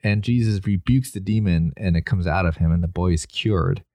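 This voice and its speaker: Low-voiced man retelling scripture. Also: moderate pace, dark tone, dry recording. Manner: retells stories with hesitant fillers and quoted lines. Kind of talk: casual discussion of scripture.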